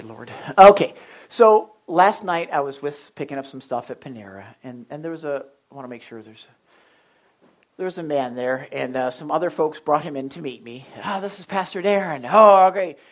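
A young man preaching a sermon as a pastor in a blunt, animated storytelling way, swinging from loud outbursts to quiet asides. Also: medium pitch. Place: church sanctuary.

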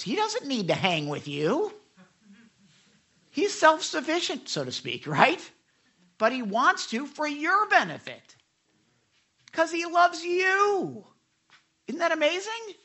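A man preaching a sermon to a live church audience, animated and chatty, acting out quotes with many restarts and laughs. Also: high-pitched, breathy edge. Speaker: pastor.

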